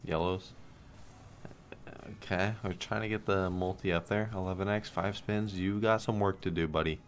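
A young man with a low, deep voice commentates his own slot spins in a loose, casual way. He curses, begs and turns sarcastic as the game lets him down. Faint music plays quietly behind him. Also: fairly even intonation, normal speed. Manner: swears and pleads at the game, frustrated and sarcastic. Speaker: slot streamer. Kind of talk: casual gambling stream commentary.

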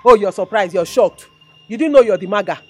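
A Nigerian fiancée with a sharp tongue, played by an actress, mocking and scolding in a movie drama. Her accent is plainly Nigerian, and a faint music score plays under her lines. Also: mid-range voice, a little fast, slightly rough, lightly acted. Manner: mocking, scolding, switches into pidgin taunts. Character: sharp-tongued fiancée confronting a cheating man.

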